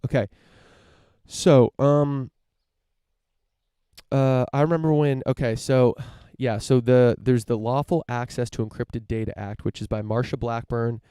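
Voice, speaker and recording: A man's voice: medium pitch, fairly even intonation, unhurried, dark tone, smooth, no echo, clean studio sound. A podcast host from the United States, a man riffing through a casual opinion monologue, rambling with lots of fillers, restarts and casual swearing.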